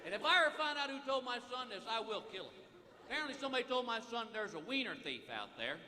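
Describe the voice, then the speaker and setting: A middle-aged man doing a live stand-up routine, telling exasperated family stories broken by high yelping outbursts. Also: big pitch swings, fast, a little hiss or hum. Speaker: stand-up comedian. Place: large theater stage before a live audience. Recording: echoey hall, loud audience laughter. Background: loud crowd laughter and applause.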